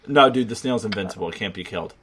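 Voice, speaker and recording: A man's voice: lowish voice, lively intonation, fast talker, very noisy. Rambling young-sounding podcast man. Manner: rambling, heavy on filler words, profane. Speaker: podcast co-host. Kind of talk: casual chat.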